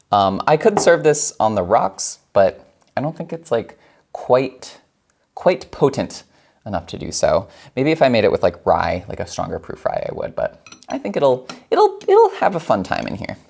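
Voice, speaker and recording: A man hosts a casual cocktail show, talking through each step with a playful, chatty manner. His voice leaps around in pitch, and he laughs easily. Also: huge pitch swings, normal speed, creaky, a little mellow.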